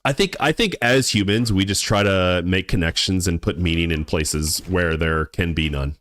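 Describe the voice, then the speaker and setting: Low-voiced laid-back male streamer. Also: moderate pace, a bit bright, dry recording, studio quality. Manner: laid-back, rambling, stumbles and repeats words. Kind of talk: casual live-stream chat while gaming.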